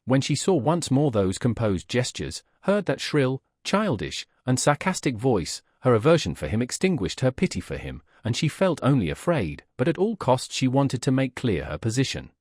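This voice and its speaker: A male audiobook narrator reads a classic novel in a measured, steady way. His pitch moves widely through each sentence. The recording is dry and close to the mic. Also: dry recording. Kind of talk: scripted narration.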